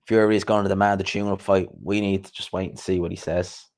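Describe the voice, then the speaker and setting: A man's voice: deep voice, flat delivery, fast, a little mellow. Laughing, swearing man. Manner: chatty, swearing, laughing often, repeats himself. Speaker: host. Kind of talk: casual livestream chat.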